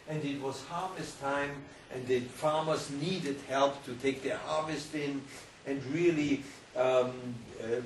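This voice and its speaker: An older man with a German accent tells his story to pupils in an animated way, often restarting his sentences. He is heard from a distance in an echoey school hall with faint ambient noise. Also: mid-range voice. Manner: animated storyteller, repeats phrases, frequent restarts. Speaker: Holocaust survivor speaker. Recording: echoey hall, recorded from far off.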